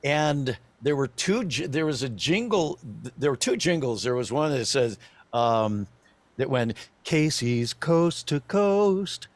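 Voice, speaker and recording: A man in his sixties, a voice actor and former radio DJ, telling a story as a podcast guest in an animated way, chuckling and slipping into other voices. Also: mid-range voice, a little slow, dry recording. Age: 60s.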